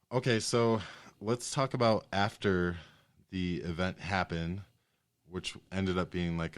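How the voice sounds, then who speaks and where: A man's voice: low-pitched, clean tone, dry recording, studio quality. A man hosting a podcast interview, asking probing questions and affirming often, with frequent "like". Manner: probing, affirming, uses filler "like". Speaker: podcast host. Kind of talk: interview conversation.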